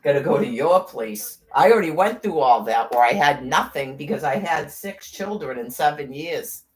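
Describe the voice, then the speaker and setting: A woman's voice: low-pitched, expressive, moderate pace, a little mellow. A middle-aged woman in casual chat, rambling, blunt and profane, with sarcastic asides. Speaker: podcast host.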